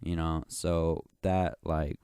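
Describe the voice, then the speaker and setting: Deep-voiced young man ranting on his podcast. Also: level tone, takes it slowly, dark tone, clean tone, no room sound, studio quality. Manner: slangy, profane, boastful storytelling; rambling, keeps saying "you know what I'm saying". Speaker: podcast host. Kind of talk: casual solo podcast rant.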